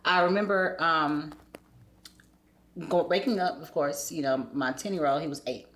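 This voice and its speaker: A woman, telling a personal story softly and acting out what others said. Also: deep voice, normal speed. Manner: soft-spoken, quotes others in animated voices. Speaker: guest sharing her story.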